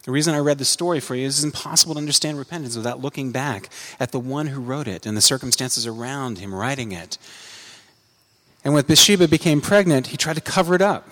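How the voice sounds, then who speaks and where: A man preaching a sermon, earnest, climbing to emphatic peaks and dropping low for quiet asides. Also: quick pace, big-room sound. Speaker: pastor.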